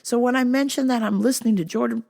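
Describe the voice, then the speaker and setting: A woman hosting a vlog, telling a comic story in an animated, laughing, foul-mouthed way. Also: on the high side, fast talker, gravelly. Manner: animated, laughing, heavy swearing. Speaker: vlog host. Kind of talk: casual comedic monologue.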